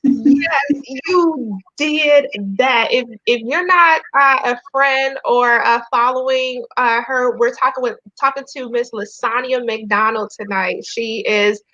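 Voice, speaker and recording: A woman's voice: on the high side, steady tone, slow pace, bright, forceful tone, no room sound. A woman hosting a live interview, enthusiastic and affirming as she introduces her guest. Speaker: host. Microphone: live video call. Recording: dull, lo-fi and dry.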